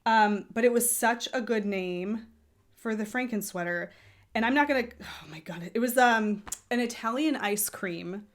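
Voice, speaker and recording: A woman's voice: a little high, normal speed. A woman hosting a knitting podcast, chatting casually in a rambling, self-correcting way. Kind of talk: casual chat.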